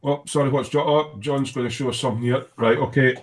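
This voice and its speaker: A man's voice: medium pitch, steady tone, quick pace. Male host of a casual hobby live stream, chatty, reading comments out. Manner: reads out viewer comments, chatty. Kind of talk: casual chat.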